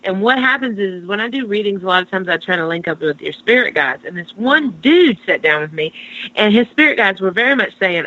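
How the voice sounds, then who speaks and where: A woman, a psychic co-hosting a casual podcast, telling stories in an animated way and swearing freely. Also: mid-range voice, fast talker. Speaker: psychic co-host. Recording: dull lo-fi sound.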